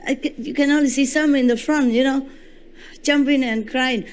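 Animated woman teacher speaking non-native English. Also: sits high, moderate pace, clean tone. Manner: animated storytelling, reenacting her own shouts; frequent "you know" and "okay?" check-ins. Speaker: spiritual teacher. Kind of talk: spiritual lecture to followers. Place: indoor lecture at a retreat. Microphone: microphone.

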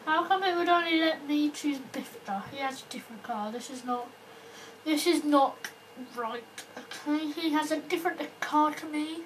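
High-voiced young woman commenting on a game. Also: moderate pace. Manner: chants repeated words while waiting. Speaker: gaming channel host. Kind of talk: let's-play commentary. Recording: noisy home recording.

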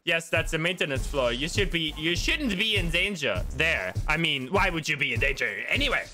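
A man's voice: very high voice, huge pitch swings, fairly quick, gravelly, bright, forceful tone, faint music behind, pitched above the performer's own voice, full character voice. A man voicing a fussy, overly polite male hotel innkeeper in an annoying put-on accent. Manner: overly polite, apologetic customer-service tone.

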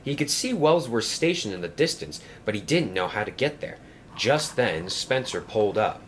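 A man reads a children's train story aloud in an expressive way. His pitch rises and falls a lot. A faint ambience sits in the background. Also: moderate pace, a little hiss or hum. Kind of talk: storybook narration.

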